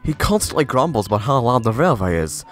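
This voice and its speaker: A man's voice: mid-range voice, sing-song, fast, faint music behind, natural voice. A man voicing a mountain engine who speaks in a dry, disapproving way, in a storybook tale. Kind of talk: storybook character voice.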